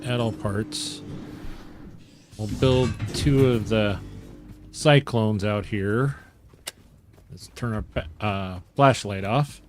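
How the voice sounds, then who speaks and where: Male game streamer, unhurried delivery, chatty and joking with his chat. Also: on the low side, faint music behind. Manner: chatty and joking, chuckles often. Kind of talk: casual gameplay commentary while reading chat.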